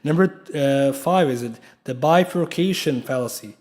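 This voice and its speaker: A man's voice: medium pitch, moderate pace, a little mellow. A man giving a lecture in a mosque, emphatic and full of rhetorical questions, spelling out key terms for his students. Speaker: Islamic lecturer. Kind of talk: classroom lecture.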